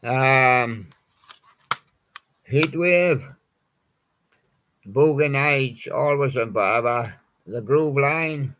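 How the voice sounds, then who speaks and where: A man hosting a live stream, talking slowly and unhurriedly as he rambles from one record to the next. His voice sits at an ordinary middle pitch, and he reads song titles aloud in a loose, chatty way. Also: a bit bright. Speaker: host of a live music show.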